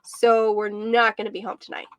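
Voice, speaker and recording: A woman's voice: medium pitch, level tone, moderate pace, dry recording, close to an everyday voice. A woman voicing a young female dog who keeps asking anxious questions about getting home to her comfy bed.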